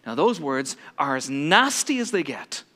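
High-voiced, bright male preacher. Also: big pitch swings, a little slow, long reverb tail. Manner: dramatic, emphatic preaching with voiced quotes. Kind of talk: sermon.

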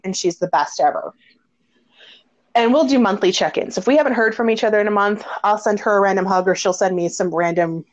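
A woman hosting a casual conversation, telling stories with lots of laughter and animated quoted dialogue. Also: mid-range voice. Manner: animated storyteller, laughs often. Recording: dull lo-fi audio.

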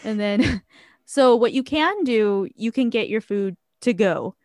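A woman's voice: a little high, expressive, measured pace, darkish tone, no echo, studio quality. A young woman chatting casually and telling a story, laughing often and using plenty of fillers. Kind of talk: casual chat.

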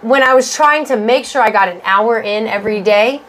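A woman's voice: a little high, moderate pace, fairly bright tone. A woman co-hosting a podcast, talking casually with lots of fillers and frequent swearing. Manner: chatty, swears freely, many fillers. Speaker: podcast co-host. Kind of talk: casual chat.

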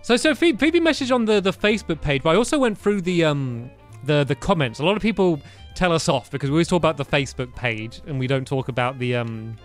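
A man's voice: on the high side, lively intonation, quick pace, soft background music. A man co-hosting a casual podcast chat, hesitant with many restarts and frequent laughs. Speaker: podcast co-host.

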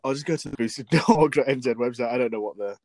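A man's voice: mid-range voice, fast talker, darkish tone, no room sound. A young man, co-hosting a podcast in an offhand, joking way. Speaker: podcast co-host. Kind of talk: casual chat.

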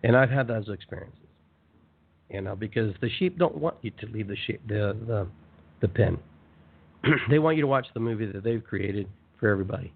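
A man hosting a motivational spiritual talk show, speaking in an animated, conversational way and repeating phrases for emphasis. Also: lowish voice, normal speed, creaky, pauses often, breathy edge. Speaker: radio show host. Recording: tinny phone-line sound.

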